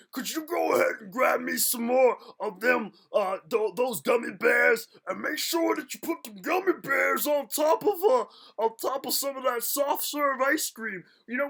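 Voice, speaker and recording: A man voicing a gluttonous woman, loudly demanding gummy bears on soft serve in a comedy live stream bit. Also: very high-pitched, gravelly, voice pushed up, full character voice. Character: gluttonous greedy woman craving ice cream.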